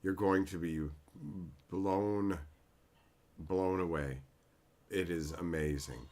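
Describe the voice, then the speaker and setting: A man putting on a wooden, monotone voice as an adult male corporate PR spokesman who fakes enthusiasm. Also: low voice, slow pace, pitched below the performer's own voice. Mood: flat fake excitement. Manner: flat, lifeless, forced enthusiasm.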